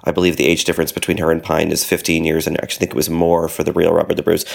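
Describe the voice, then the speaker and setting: A man's voice: rumbling low, monotone, very fast, vocal fry. A man co-hosting a casual film podcast, talking loosely with lots of restarts and filler words. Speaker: podcast co-host.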